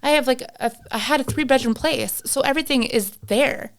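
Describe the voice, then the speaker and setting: A woman's voice: high voice, brisk. A young woman from Canada telling a long story in casual chat, acting out both sides with lots of "like". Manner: chatty, acts out both sides of a story with filler "like". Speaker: podcast guest.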